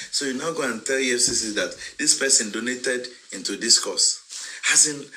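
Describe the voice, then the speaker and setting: Nigerian man with a bright, emphatic voice. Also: medium pitch, a little fast, a little hiss or hum, low-quality recording. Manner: mixes English, Yoruba and pidgin, emphatic and rising when indignant. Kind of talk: impassioned live-stream address.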